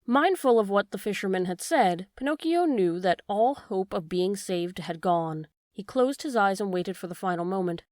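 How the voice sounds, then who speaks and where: A woman narrating a classic children's storybook with a steady, expressive delivery. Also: mid-range voice, normal speed, few pauses, dry recording, studio quality. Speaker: audiobook narrator. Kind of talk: storybook reading.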